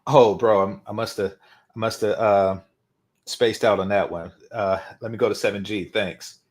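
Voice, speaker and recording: A man mimicking a relaxed guy who sheepishly admits he took the wrong seat. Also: on the low side, moderate pace, voice pushed down, natural voice.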